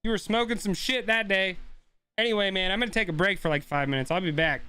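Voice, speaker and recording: A man's voice: high-pitched, expressive, fast talker, sharp tone, clear, resonant tone. A young man streaming a game, ranting casually and swearing a lot as he talks to his chat. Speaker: gaming streamer.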